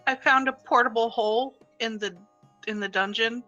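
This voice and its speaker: A woman playing in a tabletop game, speaking in a calm, deliberate way. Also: fairly high pitch, soft background music. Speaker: player. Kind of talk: casual tabletop play. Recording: dull lo-fi mic.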